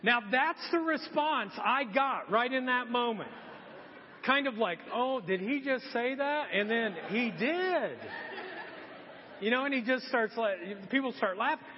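A middle-aged man with a fairly high voice delivers a sermon from the pulpit. He tells his story with animated energy, then sinks to soft, earnest appeals. The sound is muffled and rings with the long echo of a church hall. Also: unhurried. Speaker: pastor. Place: church sanctuary.

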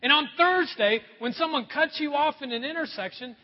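A man preaching a lively sermon as a pastor, acting out quick voices for laughs. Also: very high-pitched. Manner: animated, acts out voices for laughs. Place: church sanctuary. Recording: echoey hall, dull sound.

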